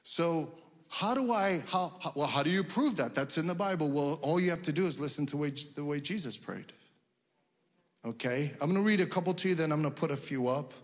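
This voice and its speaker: A man's voice: a little high, lively intonation, fairly quick. Man preaching in a reverberant church. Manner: preaching with rising, shouted emphasis. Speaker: pastor. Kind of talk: sermon. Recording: long reverb of a church hall.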